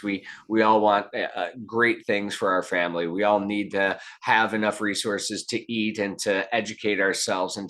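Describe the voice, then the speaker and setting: A man with a very low, deep voice talks as an interview guest. He is earnest and reflective, circling back and restarting his sentences as he works through an idea. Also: fairly bright tone. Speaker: guest, keynote speaker. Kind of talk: conversational interview answers.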